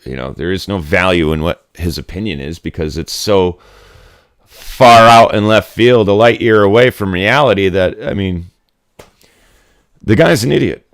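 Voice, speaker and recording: A man's voice: deep voice, normal speed, no room sound, clean studio sound. A middle-aged man from Connecticut, hosting a casual livestream chat, rambling and swearing bluntly as he rants. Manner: blunt, rambling, profane ranting. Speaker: livestream host.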